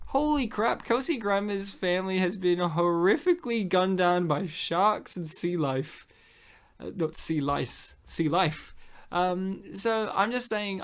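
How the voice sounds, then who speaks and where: A man chatting casually on a podcast, rambling through comic bits. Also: sits high. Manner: rambling, joking, slips into silly voices and laughs often. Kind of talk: casual comedic chat.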